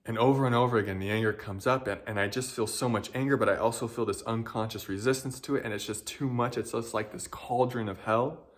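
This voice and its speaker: A young man speaking in an earnest, emotional way, sharing a personal reflection and often pausing to search for words. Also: mid-range voice, steady tone. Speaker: spiritual guide.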